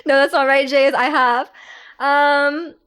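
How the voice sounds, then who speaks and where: A woman's voice: high-pitched, flat delivery, unhurried, a bit bright. A young woman from Canada chatting casually with viewers on a live stream, rambling with lots of fillers and laughs.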